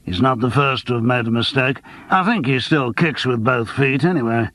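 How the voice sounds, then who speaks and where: A man's voice: medium pitch, moderate pace, no echo, lightly acted. A man voicing a worldly, wry lawyer who is an old friend of the hero, in an audiobook. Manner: wry, teasing, lively. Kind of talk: audiobook character voice.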